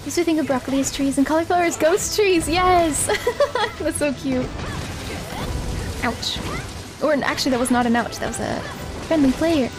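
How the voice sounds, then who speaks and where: A woman's voice: high-pitched, lively intonation, moderate pace, long pauses. A woman streamer chatting casually with her viewers while she plays a game, giggling often and sounding a little stuffy-nosed. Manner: giggly, answers chat between game moments. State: stuffy nose. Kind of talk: casual live-stream chat while playing. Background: game music.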